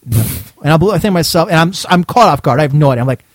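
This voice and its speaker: A man hosting a talk show, telling a long story in a casual, rambling, animated way and laughing as he goes. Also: a little high, racing, no echo, clean studio sound. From Cleveland, Ohio. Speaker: show host.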